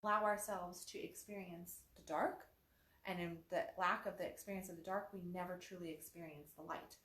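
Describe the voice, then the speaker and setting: A woman hosting a casual talk on self-development, animated and often acting out quoted phrases in different voices. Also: on the low side, a little fast. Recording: echoey room.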